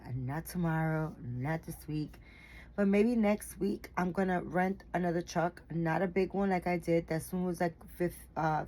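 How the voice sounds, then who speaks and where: A woman's voice: lowish voice, dark tone, rough recording. A tired woman chatting casually to her viewers, rambling with lots of fillers and the odd swear word. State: tired and yawning. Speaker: doll collector vlogger. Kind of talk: casual chat to camera.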